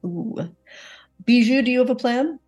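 A woman playing in a tabletop game, playful and quick to laugh. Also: fairly high pitch, a little mellow, soft background music. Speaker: player.

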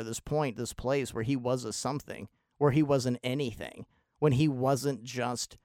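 A man's voice: mid-range voice, clear, resonant tone, no room sound, clean studio sound. A man giving an intense, analytical and sometimes profane monologue about a film, in video-essay style. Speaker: film commentator.

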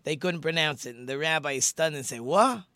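A middle-aged rabbi hosts his radio talk show, rambling warmly through a story with plenty of ums and restarts. His voice sits a little high and rings bright and forceful. The sound is close and dry, as from a studio. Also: fairly even intonation, quick pace, smooth, no echo. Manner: conversational and chatty, many fillers and restarts.

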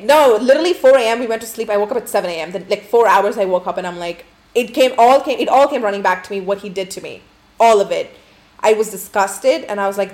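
A young adult woman telling a story to camera in a casual storytime style, swearing a lot and saying "like" constantly. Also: medium pitch. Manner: profane, rambling, heavy use of "like".

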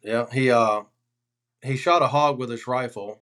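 A man guesting on a podcast as a hunting outfitter, telling stories in a relaxed, animated way with deadpan punchlines. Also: medium pitch, unhurried, slight background noise. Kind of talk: casual podcast storytelling.

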